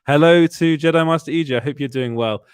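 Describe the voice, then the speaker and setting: Rambling casually through his live show, a tired man fills gaps with "uh" and chuckles frequently. His voice is on the high side, clear and resonant, moving at a quick pace in a studio-quality recording with no room sound.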